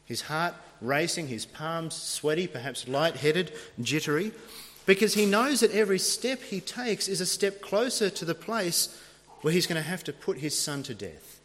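A man's voice: a little high, animated, moderate pace, a bit bright, a little hiss or hum. A man preaching a sermon, retelling a scripture story in a dramatic storytelling manner. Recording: long reverb of a large hall.

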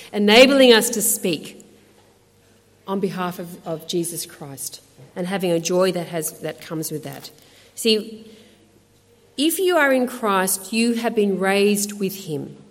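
Australian woman, sermon, chatty animated delivery, echoing hall. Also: mid-range voice. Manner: conversational, animated preaching with chatty asides. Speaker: speaker at a women's ministry talk.

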